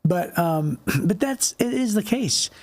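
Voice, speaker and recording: A man's voice: high voice, expressive, takes it slowly. A middle-aged man co-hosting a faith podcast, talking in a loose, rambling way and acting out quotes. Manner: rambling, acts out quotes in little voices. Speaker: podcast co-host. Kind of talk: casual faith discussion.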